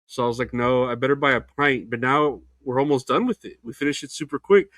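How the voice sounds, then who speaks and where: Young guy rambling and cursing on his solo podcast, mid-pitched voice, dead dry close mic. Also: a little fast, fairly bright tone, dry recording. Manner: rambling, profane, loose and unfiltered. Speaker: podcast host. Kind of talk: casual solo podcast chat.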